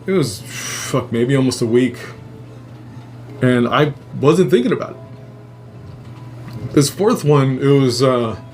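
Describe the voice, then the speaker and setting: A man hosting a podcast, telling his own strange dream stories in a casual, profane, animated way and jumping into high voices when he quotes people. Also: slow pace, long pauses. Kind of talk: casual storytelling.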